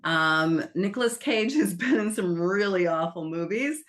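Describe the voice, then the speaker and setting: A woman film critic, chatting casually and retelling a movie plot in an animated way. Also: on the low side, measured pace. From United States. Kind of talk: casual film review chat.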